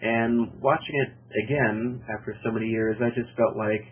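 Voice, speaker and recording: A man hosting a casual film review podcast, summing up a plot in a halting way with many fillers. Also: mid-range voice, steady tone, slightly rough. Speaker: podcast host. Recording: dull lo-fi podcast audio.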